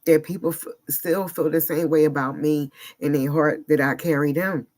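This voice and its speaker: A man talking earnestly in a personal vlog monologue, searching for words in short halting phrases and sounding emotionally unsettled. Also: a little high, fairly even intonation, a little mellow. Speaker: vlogger.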